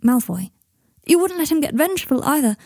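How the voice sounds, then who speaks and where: Woman reading an earnest soft-spoken young wizard, mellow and dry. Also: high voice, big pitch swings, a little fast, no room sound, voice pushed up.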